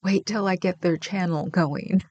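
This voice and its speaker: A woman's voice: lowish voice, fairly even intonation, a little slow, warm tone, no echo, highs cut off. Chatty woman from the Bay Area. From San Francisco Bay Area. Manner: chatty, laughs often, rambling. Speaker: livestream host. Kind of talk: casual chat reading viewer comments.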